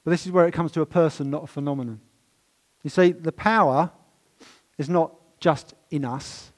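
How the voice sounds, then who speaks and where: Male pastor, fairly high voice, emphatic sermon delivery that rises and drops in volume. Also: moderate pace. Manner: storytelling, emphatic preaching with swings in loudness. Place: church.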